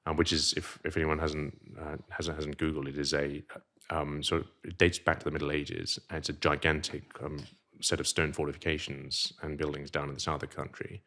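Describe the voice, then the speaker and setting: A middle-aged man with a posh English accent, originally from Zimbabwe, telling rambling, animated stories as a podcast guest. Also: very deep voice, brisk, few pauses. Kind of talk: casual interview chat.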